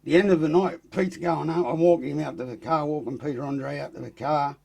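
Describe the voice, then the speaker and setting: Gravelly Australian man telling stories. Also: a little high, brisk, a crowd in the background. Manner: swearing, animated storyteller acting out quotes. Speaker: podcast guest. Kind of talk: casual storytelling.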